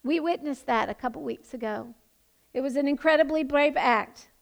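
A woman preaching an impassioned sermon, building to emphatic shouts. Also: high-pitched, normal speed, vocal fry. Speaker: pastor.

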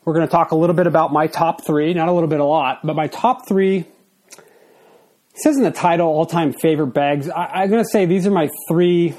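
The podcast host, a man in his forties, speaks on the high side at a moderate pace with a somewhat mellow tone. He's a bit out of breath and wanders through his solo show with fillers and false starts.

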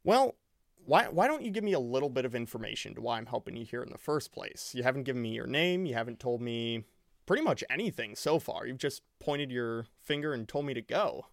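A man's voice: medium pitch, expressive, brisk, gravelly, dry recording. Dude doing a tired blunt adventurer guy, mid voice, dry sound. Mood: exasperated. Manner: blunt, exasperated. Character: weary, impatient male adventurer.

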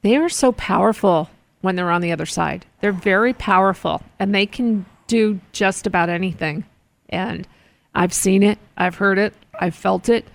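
Gravelly woman earnestly telling stories. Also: mid-range voice, normal speed. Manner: earnest, storytelling, many restarts. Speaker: host. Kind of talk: casual chat. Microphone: close mic in a studio.

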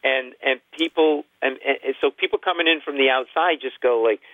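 A man from an Italian-American family telling comic stories, acting out quotes in loud, high voices. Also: fairly quick, dry recording. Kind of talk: animated comic storytelling. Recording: tinny phone-like line.

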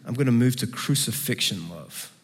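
A man preaching a sermon who acts out quoted voices and moves between soft, low passages and lively, raised ones. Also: normal speed, breathy edge. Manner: acts out quoted voices with big pitch swings. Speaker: pastor. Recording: long hall reverb.

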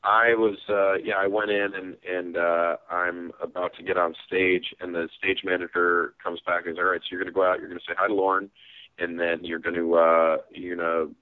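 Deep-voiced man on a phone line. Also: little pitch movement, moderate pace, no room sound. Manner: rambling, self-deprecating, acts out quoted voices. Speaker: comedian guest. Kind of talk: casual interview storytelling. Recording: phone-like guest line, dry.

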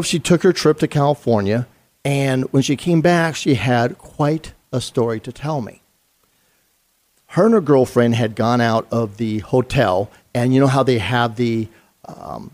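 A man's voice: mid-range voice, darkish tone. A middle-aged man, a retired police sergeant, telling a story in an interview in an earnest, conversational way with fillers and restarts.

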